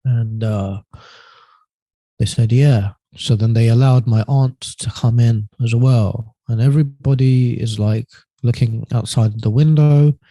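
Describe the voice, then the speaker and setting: A man telling a personal story as a podcast guest, halting and hesitant, often trailing off quietly. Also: medium pitch, steady tone, no room sound.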